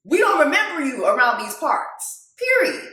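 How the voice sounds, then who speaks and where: A woman giving loud, animated casual commentary on a song, laughing often and jumping between low asides and high exclamations. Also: normal speed, reverberant. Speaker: video host reacting to a song.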